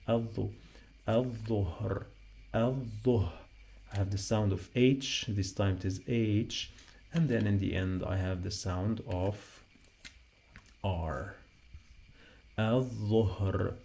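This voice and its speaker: Slow gravelly-voiced male teacher. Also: lowish voice, darkish tone, a little hiss or hum. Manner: repeats sounds patiently, spells them out while writing. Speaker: Arabic teacher. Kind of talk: slow spoken writing lesson.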